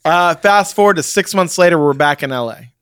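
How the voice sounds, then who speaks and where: Casting: a chatty man with a slightly high, smooth voice, rambling through a story, dry close mic. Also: expressive, a little fast, fairly bright tone, no room sound. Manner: rambling storytelling with many fillers and restarts. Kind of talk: casual chat, anecdote.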